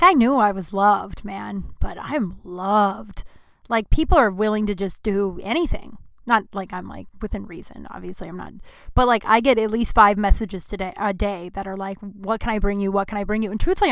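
Sick woman rambling on her podcast, swears a lot, smooth clear voice, dry close sound. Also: medium pitch, fairly bright tone, no echo. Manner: rambling, candid, swears freely. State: ill, low energy. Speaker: podcast host. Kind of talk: candid solo podcast talk.

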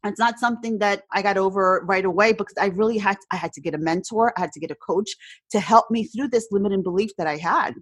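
A woman's voice: mid-range voice, quick pace, no room sound. A woman guest telling candid stories in a casual podcast conversation, often quoting her own thoughts aloud. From New Jersey, USA. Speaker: entrepreneur guest.

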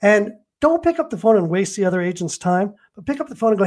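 A man's voice: sits high, big pitch swings, quick pace, few pauses, a little mellow. A man in his fifties, a real estate agent and coach, telling stories in an interview and acting out phone calls and quotes. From Los Angeles. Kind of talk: interview guest, storytelling.

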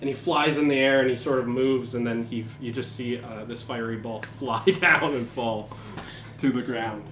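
A man's voice: medium pitch, steady tone, normal speed, a bit bright. A man narrating as game master of a tabletop game, rambling and correcting himself as he goes. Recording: dull, noisy, echoey room.

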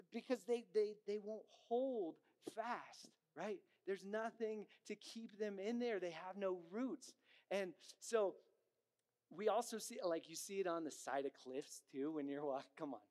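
A man preaching a sermon, telling stories with sound effects and acted voices and often checking in with the audience by asking "right?". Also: sits high. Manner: frequent "right?" asides to the audience. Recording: long hall reverb.

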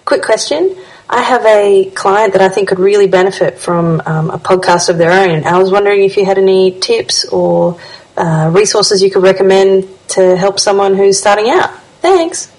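A woman's voice: medium pitch, moderate pace, darkish tone, low-quality recording. A woman from Australia, a web designer, giving a friendly, brief recorded question to a podcast. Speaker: web designer, listener caller.

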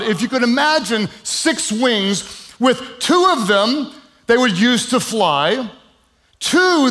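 A man preaching with a notably high voice. He talks conversationally, with "um" fillers, hammering points home through repetition and easing the sermon with humorous asides. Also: a bit bright. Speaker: pastor.

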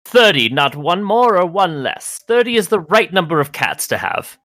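A man's voice: high-pitched, big pitch swings, normal speed, bright, forceful tone, dry recording, clean studio sound, voice pushed up, full character voice. A man voicing a fussy older woman alchemist with thirty cats, in a prim, haughty, scolding manner.

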